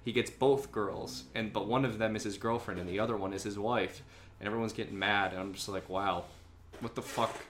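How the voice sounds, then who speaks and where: A man's voice: on the low side, fairly even intonation, a little fast, slight background noise. A young man hosting a casual podcast, rambling and complaining in a profane, offhand way. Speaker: podcast host and editor.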